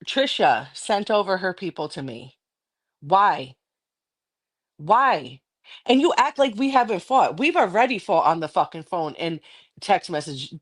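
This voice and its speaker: A woman's voice: fairly low pitch, big pitch swings, measured pace. A livestreaming woman in a heated, profane, confrontational rant aimed at a rival.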